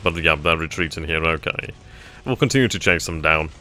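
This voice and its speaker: A man thinking aloud as he plays a strategy game, trailing off mid-sentence and bursting into giddy excitement at good news. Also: extremely low pitch, fairly quick, a little hiss or hum. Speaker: let's play gamer.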